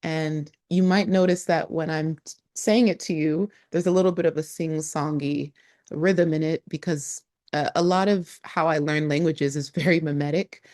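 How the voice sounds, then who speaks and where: A woman with a low-pitched voice talks viewers through a few local greetings in a relaxed vlog. She's from Nigeria, laughs easily, and slows right down whenever she spells a word letter by letter. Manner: lively, laughs often, spells words out slowly. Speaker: travel vlogger. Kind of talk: casual teaching of travel phrases.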